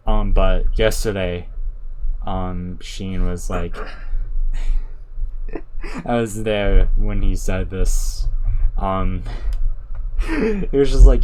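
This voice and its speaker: A man's voice: sits low, slow, pauses often, a little mellow, slight background noise. A man co-hosting a podcast, telling rambling stories in casual chat, swearing and filling gaps with "like" and "um". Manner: rambling storyteller, swears, many fillers and laughs. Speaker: podcast co-host.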